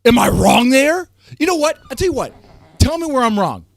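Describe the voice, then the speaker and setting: A man's voice: sing-song, moderate pace, creaky, dry recording. Heated male streamer ranting at chat. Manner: heated, swings from loud outbursts to low muttering. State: voice strained, keeps clearing throat. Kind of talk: ranting livestream commentary to chat.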